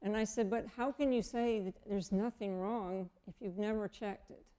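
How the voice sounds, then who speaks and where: A woman in her fifties telling a personal story as a guest, animated and acting out the dialogue of the people in it. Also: mid-range voice, normal speed. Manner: animated, acts out quoted dialogue.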